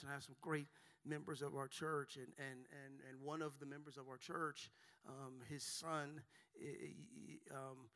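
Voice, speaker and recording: A male pastor in his forties preaching a sermon in a church, building from quiet storytelling to shouting. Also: a little high. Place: large church auditorium.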